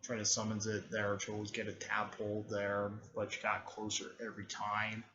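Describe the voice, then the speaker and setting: Man, casual story recap, halting and filler-heavy, lowish voice, dull lo-fi recording. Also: completely flat delivery, bright, forceful tone, slight background noise. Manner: halting, many fillers and restarts, throat clearing. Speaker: fan storyteller.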